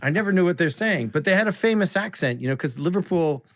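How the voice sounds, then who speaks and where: A man's voice: sits high, quick pace. Canadian man telling stories on a podcast. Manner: animated storyteller, often slips into comic voices. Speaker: guest. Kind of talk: casual chat.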